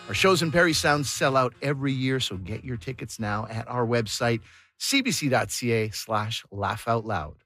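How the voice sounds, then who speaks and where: A man hosting a comedy radio show, reading upbeat scripted announcements. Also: mid-range voice.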